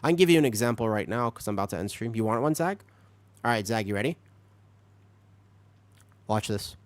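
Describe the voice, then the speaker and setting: Low-voiced male streamer, dry close mic. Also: a little fast, dry recording. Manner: explains patiently, lively and talkative, laughs often. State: a little sick. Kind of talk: casual chat with stream chat while gaming.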